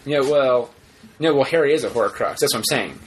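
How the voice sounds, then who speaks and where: A man co-hosting a podcast in casual chat, rambling and animated, often acting out quotes. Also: mid-range voice, brisk, noisy background. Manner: rambling, animated, acts out quotes in put-on voices. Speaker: podcast co-host.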